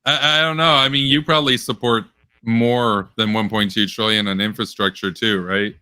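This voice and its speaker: A man's voice: steady tone, pushed and bright, clean tone, dry recording. Sarcastic young man hosting a rambling chat. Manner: rambling, sarcastic, quick pitch jumps. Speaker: political commentary host. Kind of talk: casual online post-show chat.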